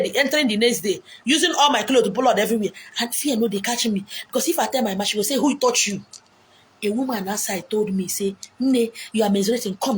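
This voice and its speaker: A woman with a Nigerian accent delivering an animated, preaching monologue, acting out quotes with big swings in pitch and loudness. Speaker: self-styled spiritual messenger. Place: beach, outdoors. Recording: faint background noise, outdoors.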